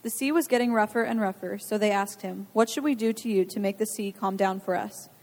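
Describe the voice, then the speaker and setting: Woman reading bible verses out loud, steady pace, echoey hall. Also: mid-range voice, a little fast. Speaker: scripture reader. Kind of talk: reading scripture aloud. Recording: long hall reverb.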